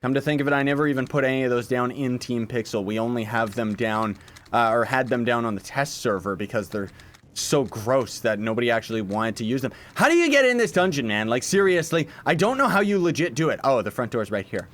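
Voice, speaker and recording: A man's voice: medium pitch, animated, normal speed, faint music behind. A man streaming gameplay live, joking at his own expense and reacting aloud to chat messages. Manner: jokey, self-mocking, reacts aloud to chat. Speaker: gaming streamer.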